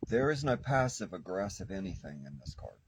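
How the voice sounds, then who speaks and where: A man's voice: sits low, very animated, fairly quick, background noise. A man doing a spiritual tarot reading, speaking fervently like a preacher and repeating phrases for emphasis. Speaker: tarot reader.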